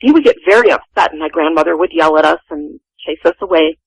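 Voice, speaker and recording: Woman, sixties, gravelly voice, dry close sound, earnest storyteller. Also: low-pitched, fast talker, no room sound, poor audio. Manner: earnest, vivid retelling. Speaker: guest telling a personal story. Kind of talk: first-person storytelling.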